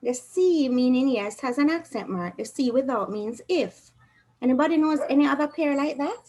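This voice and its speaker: A woman's voice: high-pitched, animated, normal speed, a little mellow, poor audio. Patient woman teaching Spanish. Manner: patient, quizzes students with questions. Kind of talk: online revision class.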